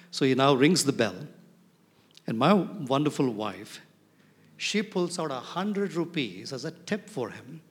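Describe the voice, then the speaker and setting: A man preaching a sermon as pastor, animated and often asking his congregation questions. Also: mid-range voice, measured pace. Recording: reverberant hall.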